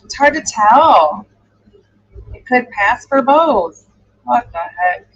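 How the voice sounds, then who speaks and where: Husky-voiced woman musing on a livestream. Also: a little high, lively intonation, slow. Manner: musing, hesitant, thinking aloud; coos softly to her dog. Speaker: true crime livestream host. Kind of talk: live reaction commentary. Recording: dull lo-fi stream audio.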